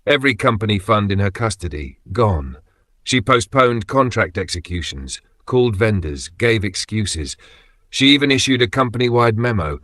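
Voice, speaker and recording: A man's voice: fairly low pitch, expressive, normal speed, fairly bright tone, no echo. A man telling a dramatic story as scripted narration, putting on voices for the quotes.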